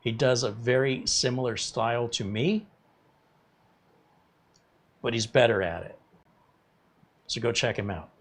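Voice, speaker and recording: This tech YouTuber, a man in his fifties, speaks at a medium pitch, a little slowly, pausing often. He's hosting a live tech stream, reading viewer comments and rambling casually between subjects.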